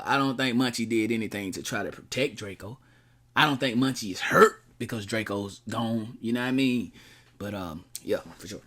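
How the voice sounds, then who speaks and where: A male co-host speaks in easy, slang-filled chat. He hesitates and repeats himself. His voice has a bright, forceful edge. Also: mid-range voice. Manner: loose, slangy, hesitant, with bursts of loud laughter. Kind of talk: casual chat.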